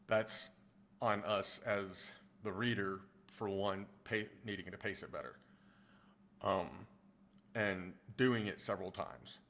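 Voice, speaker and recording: Deep-voiced and slow, with a fairly bright tone, he chats with his livestream audience about his audiobook narration. The streamer wanders through his answers to chat, frequently starting sentences over.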